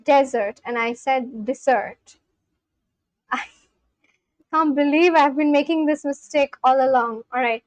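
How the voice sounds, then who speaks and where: Woman, high voice, dry sound, loose streaming chat with lots of restarts. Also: unhurried, pauses often, no echo. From India. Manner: thinks aloud, answers chat questions, repeats practice phrases with many restarts. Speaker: livestreamer learning a language. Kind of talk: casual live-stream chat.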